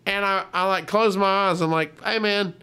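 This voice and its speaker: A man's voice: sits high, normal speed, clean tone. A man telling a story as a guest on a comedy podcast, acting out the voices of the people in it. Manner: animated, acts out quoted voices.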